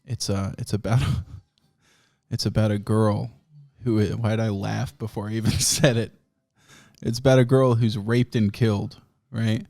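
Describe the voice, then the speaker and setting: A man's voice: fairly low pitch, level tone, a little slow, creaky, darkish tone. A man hosting a podcast, telling rambling, profane comic stories and laughing often. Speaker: podcast host. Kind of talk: casual comedic storytelling.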